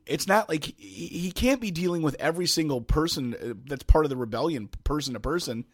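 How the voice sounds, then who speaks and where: A man's voice: fairly high pitch, expressive, a little fast, slightly rough, no room sound, studio quality. A man co-hosting a podcast, chatting casually and rambling with many restarts and asides. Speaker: podcast co-host. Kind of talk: casual chat.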